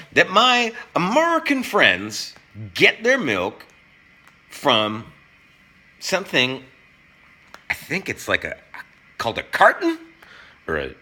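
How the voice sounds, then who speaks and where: A middle-aged man hosting a joking, casual cooking vlog, swinging between loud and soft. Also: sits high. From Canada. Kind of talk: casual talk to camera.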